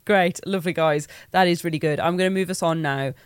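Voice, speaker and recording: Black Country woman host, playful and chatty; lowish voice, dry sound. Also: clear, resonant tone, no room sound. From West Midlands, England. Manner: chatty and playful, quick asides. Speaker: podcast host. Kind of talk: casual podcast chat.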